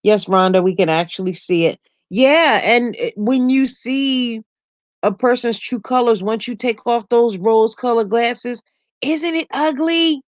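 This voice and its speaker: A middle-aged woman hosting a casual livestream, chatting with viewers, laughing often and telling animated stories. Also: a little high, a little slow, dry recording. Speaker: YouTube livestream host. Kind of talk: casual livestream chat reading comments.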